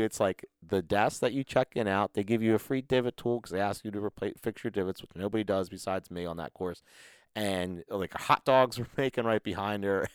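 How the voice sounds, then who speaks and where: A man co-hosting a casual podcast, telling a long story in a profane, animated way. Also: fairly low pitch, clean tone, dry recording. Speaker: podcast co-host. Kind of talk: casual chat.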